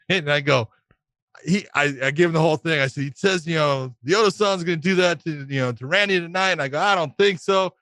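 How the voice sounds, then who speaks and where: A middle-aged man co-hosting a podcast, telling a long, animated anecdote with frequent laughter and swearing. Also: on the high side, a little fast, no room sound. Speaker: podcast co-host.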